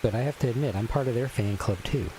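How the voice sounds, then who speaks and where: A man's voice: mid-range voice, fast, noisy background. A man from Texas chatting casually with viewers during a game stream, speaking in a put-on somber, theatrical voice into a filtered desk microphone.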